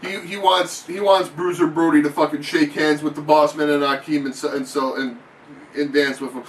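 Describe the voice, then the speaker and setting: High-voiced man calling mock wrestling. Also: moderate pace, recorded from a distance. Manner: excitable announcer patter, swearing often. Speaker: channel host. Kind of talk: mock wrestling play-by-play commentary. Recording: echoey room, off-mic, faint noise.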